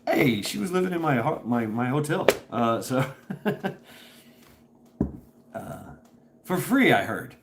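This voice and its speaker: A man's voice: medium pitch, big pitch swings, slow pace, pauses often, very noisy. A man hosting a casual livestream from home, rambling, laughing often and swearing freely. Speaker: livestream host. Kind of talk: casual chat. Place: at home, indoors. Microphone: camera propped on a table.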